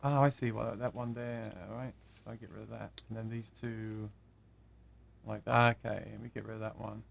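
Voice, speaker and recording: A man's voice: on the low side, level tone, moderate pace, vocal fry. A man hosting a live guitar stream, chatting casually, reading viewer comments aloud and laughing at his own jokes.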